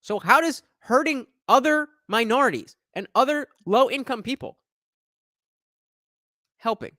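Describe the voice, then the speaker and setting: A man's voice: very high voice, lively intonation, a little slow, bright, forceful tone, no echo, clean studio sound. A man hosting a reaction commentary, talking sarcastically in a profane rant. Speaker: commentary channel host.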